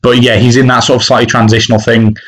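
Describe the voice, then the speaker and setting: On a casual football podcast, this male co-host and football fan talks fast in a mid-range, slightly bright voice with a flat delivery. His speech is hesitant, full of restarts and fillers, and the recording quality is low.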